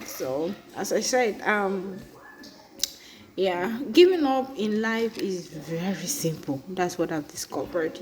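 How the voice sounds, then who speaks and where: A woman from Cameroon with a Cameroonian accent, vlogging in a chatty way, often asking "right?" and filling pauses with "um". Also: mid-range voice. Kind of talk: casual personal vlog.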